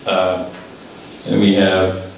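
A low, monotone voice speaks very slowly as a man acts as language evaluator, giving live feedback to speaking club members. He patiently explains word usage and phrases, then leads the room in repeating words. A distant mic in the large, very echoey room adds a little hiss or hum.

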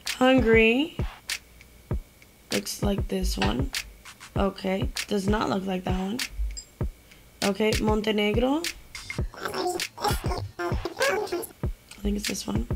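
Slow, gravelly young woman muttering through a quiz. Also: medium pitch, low-quality recording. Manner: muttering to herself while clicking, laughing at mistakes. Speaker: YouTuber. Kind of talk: casual quiz-playing chat. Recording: music playing underneath.

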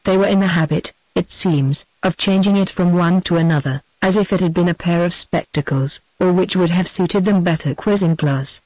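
Woman, British accent, text-to-speech audiobook narration, even synthetic cadence, dry close sound. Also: lowish voice, normal speed, few pauses, no echo, rough recording. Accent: British English.

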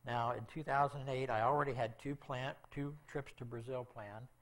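A man's voice: medium pitch, fairly even intonation, normal speed, fairly bright tone. A middle-aged man telling an emotional missionary testimony in a church talk, often checking in with "okay?". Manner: emotional storytelling with frequent "okay?" asides. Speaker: missionary speaker.

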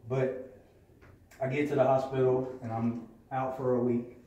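A man's voice: mid-range voice, level tone, a little slow, warm tone, dull audio, a little hiss or hum. A man giving a candid, profane personal testimony at a recovery meeting, in a plainspoken storytelling manner. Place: meeting room. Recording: echoey room from a distance.

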